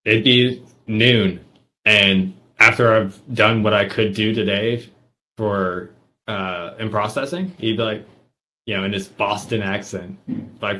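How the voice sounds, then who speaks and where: A male army veteran with a fairly low voice that has a bright, forceful edge. He tells stories from his service in an easygoing way and laughs often. Loose, friendly podcast banter. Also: slow pace, low-quality recording. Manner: laughs easily, tells anecdotes. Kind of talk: casual chat.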